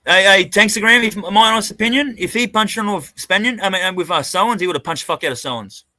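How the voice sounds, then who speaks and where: Bright-voiced swearing Australian man. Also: sits high, fast talker, no room sound. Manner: swearing, rambling storytelling with restarts. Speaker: co-host. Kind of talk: casual live-stream chat. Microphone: video call.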